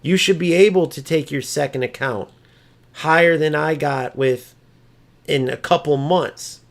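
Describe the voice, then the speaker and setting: A man's voice: a little slow, creaky. A man streaming a football video game, ranting at chat and mocking opponents, swearing freely. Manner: mimics opponents in a high sneering voice. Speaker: gaming streamer. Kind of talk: live gameplay commentary and chat.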